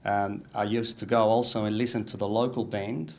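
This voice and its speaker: A man's voice: fairly low pitch, steady tone, normal speed. Man telling stories. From Italy. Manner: warm anecdotal storytelling with many fillers. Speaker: guest speaker. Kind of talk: storytelling talk.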